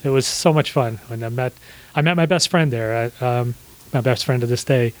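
A man in his sixties chats loosely as a podcast guest, circling back with "uh" and "um" and restarting his sentences as he tells stories. His voice sits at an ordinary middle pitch. The delivery is unhurried and conversational. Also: rough recording. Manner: relaxed, rambling with many fillers and restarts. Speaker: guest, small business owner. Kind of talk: casual storytelling interview.

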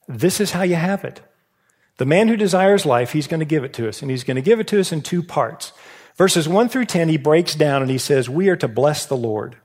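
A man preaching a sermon, retelling a story in a lively way and asking the congregation questions. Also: fairly high pitch. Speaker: pastor. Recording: long hall reverb.

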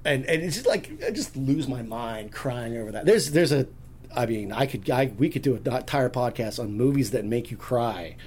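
A man's voice: medium pitch, expressive, moderate pace, a little mellow, slight background noise. Guy guest on a podcast, rambly storyteller, lots of restarts. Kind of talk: casual chat.

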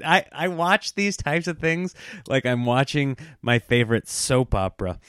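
A man's voice: medium pitch, measured pace, clean tone, dry recording, studio quality. Self-mocking man telling funny stories. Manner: animated storytelling with self-mocking laughs. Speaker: stand-up comedian. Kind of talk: casual comedic monologue.

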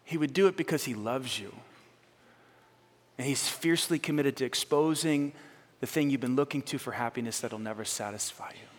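In a large hall, a medium-pitched male pastor preaches a sermon at a moderate pace. His passion moves him between loud, urgent appeals and hushed, soft words, and he addresses the congregation directly, frequently repeating phrases.

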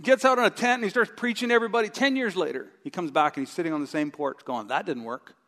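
Animated high-voiced pastor preaching. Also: male voice, rapid-fire. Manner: animated, acts out his own inner voice with groans. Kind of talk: sermon with live demonstration. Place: church sanctuary. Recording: long reverb of a large hall.

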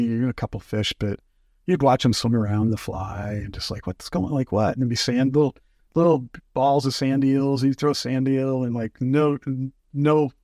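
A man's voice: mid-range voice, darkish tone, no room sound, clean studio sound. A man telling fishing stories in casual chat, acting out quotes with lots of fillers. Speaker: fly fishing guest.

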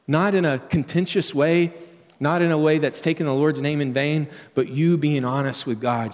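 A man's voice: mid-range voice, brisk. A male pastor preaching a sermon in a conversational way, full of rhetorical questions, in a church sanctuary. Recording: long church-hall reverb.

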